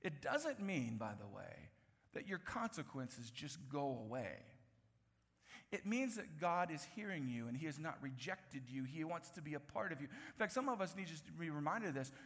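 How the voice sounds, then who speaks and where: A man preaching a sermon as pastor, animated, acting out the voices he quotes and dropping from loud bursts to hushed lines. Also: fairly high pitch, normal speed. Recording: reverberant hall.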